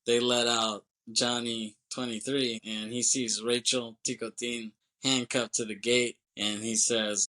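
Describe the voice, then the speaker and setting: A man's voice: mid-range voice, little pitch movement, a little slow, hardly any pauses, pushed and bright. A man co-hosting a podcast, casually recapping a movie scene by scene, rambling, laughing often and acting out lines. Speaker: podcast co-host.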